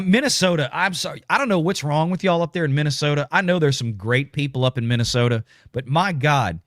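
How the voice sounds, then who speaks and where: A man's voice: on the high side, fairly bright tone, dry recording, clean studio sound. A man hosts a casual political commentary livestream, blunt and ranting as he reads viewer comments. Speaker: show host reading super chats.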